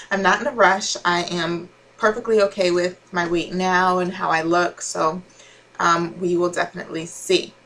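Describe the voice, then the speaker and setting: A woman's voice: lowish voice, vocal fry, a bit bright, rough recording. A young woman chatting casually to camera as a vlogger, with frequent laughs and fillers.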